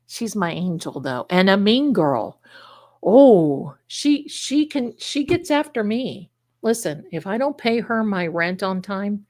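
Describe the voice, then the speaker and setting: A woman's voice: mid-range voice, darkish tone. A woman hosting a psychic livestream, chatting casually and rambling, calling her viewers "my darlings.". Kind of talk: casual live-stream chat.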